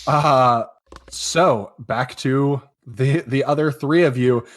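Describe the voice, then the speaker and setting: A man's voice: mid-range voice, slow pace. A man running a tabletop game as game master, narrating loosely with many fillers.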